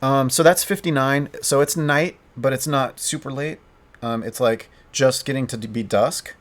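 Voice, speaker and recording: A man playing a tabletop game solo, narrating as he thinks aloud, halting and restarting often. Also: medium pitch. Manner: halting, hesitant, frequent restarts.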